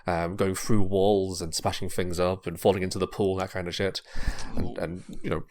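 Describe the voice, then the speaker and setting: A man on a podcast, casually narrating a pitched story, rambling and repeating words. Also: level tone, normal speed, darkish tone, a little hiss or hum. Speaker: podcast host.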